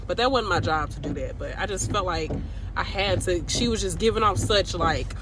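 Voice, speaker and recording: A woman's voice: fairly low pitch, moderate pace, noisy background. A young woman, an agency nurse, vlogging casually and venting bluntly about her shift with plenty of cursing. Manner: chatty, venting, blunt and profane. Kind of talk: casual vlog storytelling. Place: outdoors in the rain by a street, then in a car.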